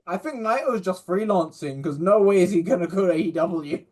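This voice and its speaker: Podcast guy, high bouncy voice, blunt and sweary. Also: expressive, warm tone. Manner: blunt, swears, quick interjections. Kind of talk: casual podcast chat.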